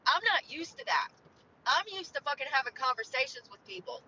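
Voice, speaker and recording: A young woman with a high, sharp, bright voice rants heatedly about her night at work, swearing constantly. The clip sounds dull and lo-fi, with faint noise behind her. She speaks from inside a vehicle. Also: lively intonation, brisk, recorded from a distance. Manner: heated, profane, venting. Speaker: strip club dancer. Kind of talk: angry rant on camera.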